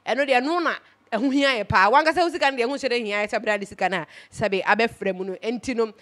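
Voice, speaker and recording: A Ghanaian woman talking through celebrity gossip in a casual, emphatic way, sliding between Twi and English. Her voice sits a little high. She keeps an easy, chatty flow as the host. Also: fast talker, fairly bright tone.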